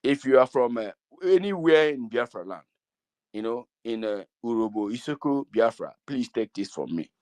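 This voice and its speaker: A man's voice: medium pitch, expressive, moderate pace, a little mellow, no room sound. A middle-aged Igbo man with a Nigerian accent, speaking earnestly to an online meeting and pleading with his listeners. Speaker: community speaker.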